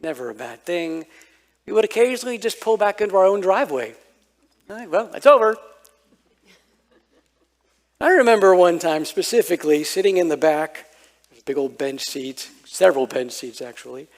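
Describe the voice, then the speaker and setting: Guy preaching, kinda high voice, tells stories and does the voices. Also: normal speed, long pauses. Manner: storytelling, animated, acts out childhood quotes. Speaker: pastor. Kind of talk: sermon.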